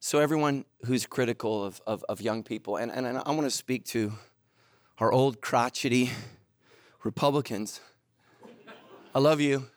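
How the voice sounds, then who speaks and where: A middle-aged man preaching a sermon, telling stories animatedly, moving between loud excitement and low, earnest intensity. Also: normal speed, long pauses, no room sound. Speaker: pastor.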